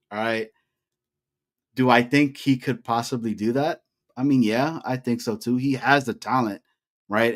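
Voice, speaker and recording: A young man co-hosting a sports podcast, talking casually and getting worked up with loud, rising hype. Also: mid-range voice. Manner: animated, hypes with rising shouts. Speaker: podcast co-host.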